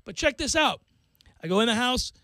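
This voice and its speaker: A male talk-radio host, telling a long self-mocking story in an animated way. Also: very high voice, brisk, dry recording. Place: radio studio.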